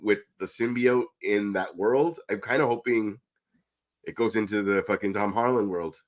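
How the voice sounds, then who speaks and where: A man's voice: lowish voice, normal speed. A man hosting a podcast in casual chat, swearing freely and joking around. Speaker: podcast host.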